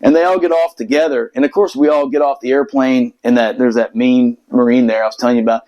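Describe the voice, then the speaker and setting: A man's voice: medium pitch, steady tone, fast, darkish tone, highs cut off. A man from the United States telling a long story in casual chat, profane and rambling, with many restarts. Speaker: podcast host telling a story.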